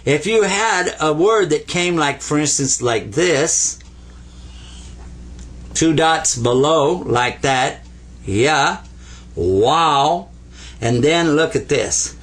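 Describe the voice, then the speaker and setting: A man teaching Arabic letters at a board, patient and playful, repeating each sound slowly for learners. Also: on the high side, expressive, fairly bright tone. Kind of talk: whiteboard language lesson.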